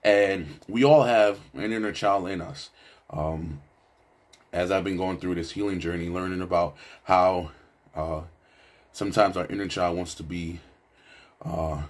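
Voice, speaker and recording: Casual commentator, man, husky and fairly low, rambling reflective asides. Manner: reflective, loose, with fillers and asides. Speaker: video essayist.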